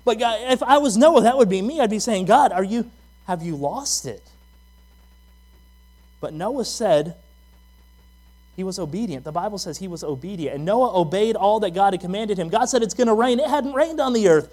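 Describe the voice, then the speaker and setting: Conversational male pastor, slightly high voice. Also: lively intonation, a little fast, a little mellow. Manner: conversational preaching with personal stories and rhetorical questions. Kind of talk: sermon.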